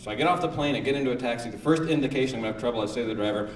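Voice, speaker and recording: Speaking very fast with hardly any pauses, a man with a mid-range voice performs live stand-up, mock-earnest and silly, slipping into goofy voices. The recording is echoey, from a live hall with audience noise.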